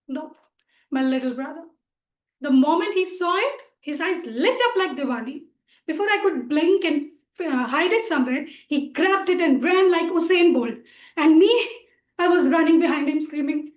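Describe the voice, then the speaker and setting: Slow, high-voiced Indian woman telling a story. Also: animated. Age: 20s. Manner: playful storytelling with dramatic emphasis. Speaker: speech contestant. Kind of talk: humorous contest speech. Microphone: video call. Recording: roomy echo on a video call.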